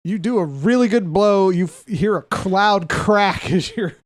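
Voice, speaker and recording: A man narrating as game master of a tabletop game, lively and often laughing as he describes the action. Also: high voice, unhurried, dry recording.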